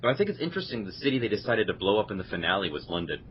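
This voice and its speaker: A man's voice: lowish voice, big pitch swings, very fast, dull audio, a little hiss or hum. A man co-hosting a casual gaming podcast, sarcastic and teasing. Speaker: podcast co-host.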